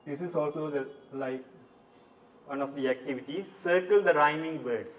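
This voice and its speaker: A male English teacher from Sri Lanka works through a lesson with slow, deliberate word-by-word drilling. His voice sits a little high. He is picked up from some distance, with a faint hum of the room behind him. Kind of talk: recorded classroom lesson.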